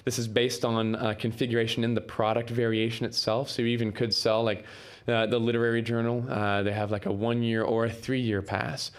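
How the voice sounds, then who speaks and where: A man's voice: mid-range voice, flat delivery, fairly quick, clean tone. Casual man giving a conference tech talk. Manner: casual, many fillers and restarts. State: coughing, throat irritation. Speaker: conference speaker. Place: conference room.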